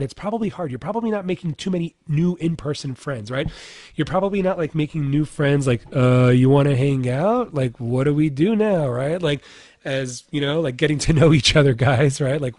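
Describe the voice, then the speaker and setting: A man in his thirties who coaches dads on fitness gives a casual motivational talk, chatty and full of "like" and "right?". His voice is fairly high and a little mellow, in a dry recording.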